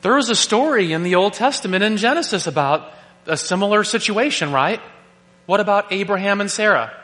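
Animated male preacher who jokes and asks rhetorical questions, with a slightly high, bright voice. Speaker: pastor. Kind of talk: sermon. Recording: long reverb of a large hall.

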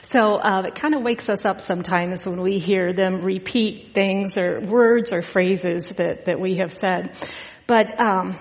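A middle-aged woman preaches a relaxed, conversational sermon, rambling into homey anecdotes with plenty of ums. Her mid-pitched voice carries through a church sanctuary with a long, lingering reverb. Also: unhurried. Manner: chatty and storytelling, frequent fillers and laughs. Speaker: guest preacher. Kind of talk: informal Father's Day sermon.

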